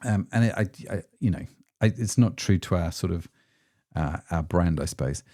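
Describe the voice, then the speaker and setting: A man's voice: deep voice, normal speed, dark tone, no room sound, clean studio sound. A man hosting a solo podcast as an ecommerce founder, chatty and self-deprecating, with frequent rhetorical tag questions.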